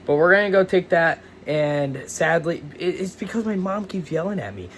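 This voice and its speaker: A man's voice: on the high side, lively intonation, moderate pace, a bit bright, a little hiss or hum. A young man talking casually to the camera in a fitness vlog, loose and jokey, swearing often and calling his viewers "boys". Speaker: fitness vlogger.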